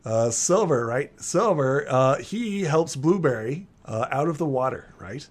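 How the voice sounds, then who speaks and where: A man's voice: medium pitch, expressive, measured pace. A man running a tabletop role-playing game as game master, narrating with lots of laughter and "right?" tags.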